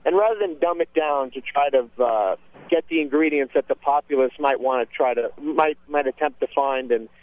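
A man's voice: on the high side, normal speed, dry recording. A male chef and cookbook author, chatting casually in a radio interview and rambling with many restarts. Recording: tinny phone line.

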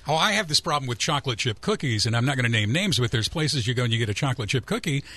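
Male radio host, mid-pitched, hesitant and playful, close and dry in the studio. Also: lively intonation, very fast, fairly bright tone, dry recording. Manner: rambling, hesitant, playful questions. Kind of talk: radio interview.

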